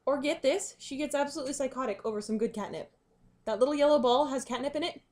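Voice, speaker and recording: A young woman vlogs from her dining room at home, telling casual, rambling stories packed with ums and likes. Her voice is high-pitched and a little mellow, and she talks fast.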